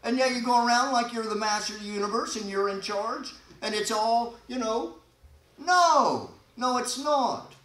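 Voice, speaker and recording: A man preaching a sermon as pastor, folksy and animated, with sudden loud emphasis and quiet asides. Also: high-pitched, measured pace. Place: church sanctuary. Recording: echoey church hall.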